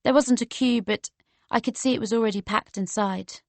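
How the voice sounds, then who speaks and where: A woman reading a first-person novel aloud as an audiobook narrator, steady and measured. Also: on the high side, no echo.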